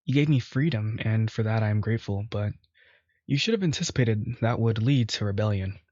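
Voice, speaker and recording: Man doing a huge devoted bull-man, low husky voice, dry lo-fi sound, game read-through. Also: animated, a little fast, darkish tone, no room sound. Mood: teasing. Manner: earnest, formal, then playfully defiant. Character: huge devoted male minotaur, teasing and strong.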